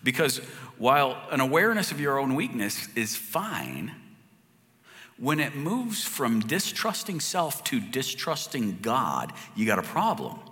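A man's voice: medium pitch, wildly swooping pitch, unhurried. Man preaching in a reverberant hall. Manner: conversational, swings from loud to hushed. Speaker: pastor. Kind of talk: sermon.

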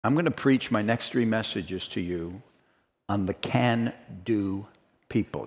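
A man's voice: fairly low pitch, slow. A man preaching a sermon, telling a story and then building to emphatic, repeated declarations. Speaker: pastor. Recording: reverberant hall.

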